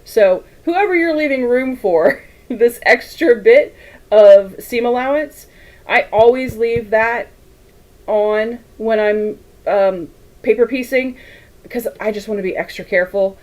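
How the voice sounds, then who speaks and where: A woman's voice: a little high, unhurried, darkish tone, poor audio. A woman hosting a quilting livestream, chatting casually and rambling while she sews, reading viewer comments aloud and laughing often. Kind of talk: casual chat while sewing.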